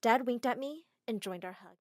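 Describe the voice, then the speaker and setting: A woman tells a first-person animated drama with expressive, dramatic delivery. Her voice sits a bit high. The read is dry and close. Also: moderate pace, no echo. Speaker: narrator.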